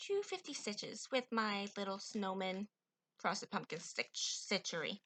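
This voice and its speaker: A woman co-hosting a casual stitching chat, playful and teasing, quick to joke. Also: mid-range voice, big pitch swings, a bit bright, a little hiss or hum. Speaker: co-host of a stitching show.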